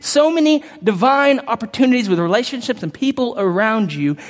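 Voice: medium pitch, animated, a little fast. Impassioned preacher in a reverberant hall. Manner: emphatic, impassioned delivery; stumbles and restarts when reading aloud. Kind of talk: sermon with scripture reading. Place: large hall with a congregation.

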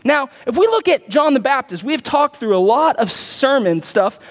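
Pastor preaching casually, reads verses and talks to the room, high voice, big echoey sanctuary. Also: lively intonation, moderate pace. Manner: conversational preaching, reads scripture aloud with asides. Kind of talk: sermon.

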